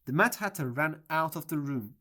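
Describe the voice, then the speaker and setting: A narrator reading a children's storybook audiobook in a plain, measured way. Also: mid-range voice, animated, bright, forceful tone.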